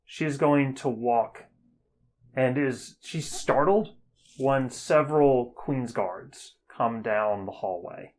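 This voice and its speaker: A man narrating as the game master of a tabletop game, relaxed and full of fillers. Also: mid-range voice, takes it slowly, poor audio.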